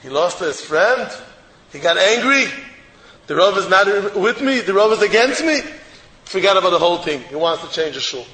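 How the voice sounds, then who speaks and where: A man with a high voice preaches a storytelling sermon as a rabbi, animated and hammering his points through repetition. His voice rings through a roomy hall with a long, lingering reverb. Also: slight background noise. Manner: animated, repeats phrases for emphasis. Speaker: rabbi giving a Torah talk.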